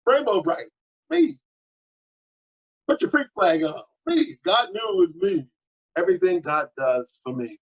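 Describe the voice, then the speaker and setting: Pastor, male, lively high-pitched voice, husky, dull lo-fi home recording. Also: unhurried, pauses often. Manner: animated and exhortative, with sudden high exclamations. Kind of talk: sermon.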